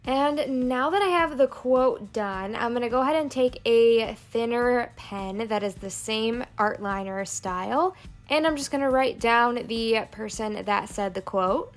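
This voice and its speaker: A woman narrating a plan-with-me planner video, calmly explaining each crafting step. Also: fairly high pitch, unhurried. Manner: calm step-by-step crafting walkthrough. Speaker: planner vlogger. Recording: soft background music.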